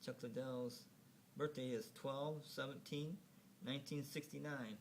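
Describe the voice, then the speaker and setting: A man's voice: mid-range voice, fairly even intonation, measured pace, slight background noise. A man casually narrating a slideshow, rambling and hesitant, full of fillers and restarts, chuckling at his own remarks. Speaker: video narrator.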